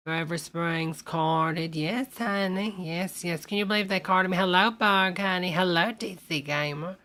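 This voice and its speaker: A woman's voice: low-pitched, sharp tone. An older woman, hosting a casual live stream and chatting folksily with viewers, calling everyone honey.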